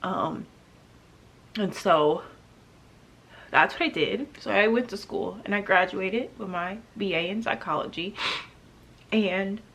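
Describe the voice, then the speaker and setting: A young adult woman telling a painful personal story to camera, halting and emotional, with pauses and restarts. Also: mid-range voice, vocal fry, fairly bright tone, husky. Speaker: vlogger.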